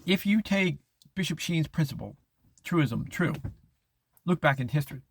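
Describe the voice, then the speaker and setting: A man's voice: lively intonation, creaky, husky. A middle-aged man hosting a podcast, talking in a rambling monologue with many restarts and false starts. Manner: halting, many restarts, mocking falsetto impressions. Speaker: podcast host.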